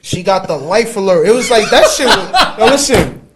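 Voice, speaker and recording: A young man telling a story in casual chat, animated, jumping between loud outbursts and hushed asides. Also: high-pitched, moderate pace, heavy background noise. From New York. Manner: animated, swings into loud shouting and hushed asides while acting out quotes. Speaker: podcast co-host.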